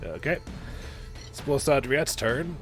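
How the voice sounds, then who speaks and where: A man running a tabletop game as game master over an online call, calmly explaining rules and narrating combat with playful asides. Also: medium pitch, takes it slowly, faint music behind.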